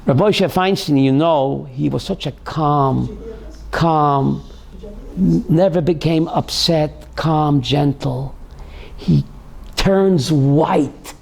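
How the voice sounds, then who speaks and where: High voiced rabbi host telling a story, emphatic, repeats stuff a lot. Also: male voice, takes it slowly, vocal fry, darkish tone. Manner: emphatic, repeats key phrases. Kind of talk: storytelling on a call-in show.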